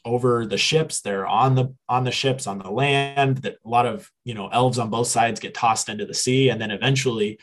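A man's voice: medium pitch, fairly even intonation, normal speed, few pauses, rough recording. A man co-hosting a podcast, casually retelling a story and paraphrasing the characters, rambling and correcting himself as he goes. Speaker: podcast co-host.

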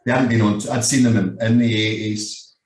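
Rambling Scottish man with a low voice. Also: steady tone, fairly quick, darkish tone. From Scotland. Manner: swears freely, rambling anecdotes, fillers like "you know what I mean". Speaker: guest. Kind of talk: casual storytelling. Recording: echoey room, distant mic.

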